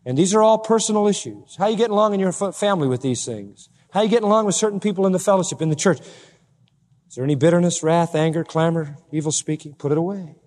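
A male pastor preaching a sermon, full of rhetorical questions and building to forceful, emphatic climaxes. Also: high-pitched, fast talker. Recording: long hall reverb.

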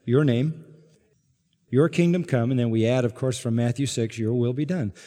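A man preaching an expository sermon to a congregation, emphatic and climbing to forceful peaks on key words. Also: mid-range voice, normal speed. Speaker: pastor. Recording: long hall reverb.

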